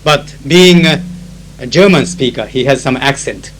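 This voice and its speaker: A man's voice: medium pitch, moderate pace, fairly bright tone, poor audio. Japanese-accented guy telling interpreter stories, lots of uh's, old tape with a faint hum. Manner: switches into Japanese to explain phrases; chatty, anecdotal, with many uh fillers. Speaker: conference interpreter. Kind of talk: recorded spoken diary.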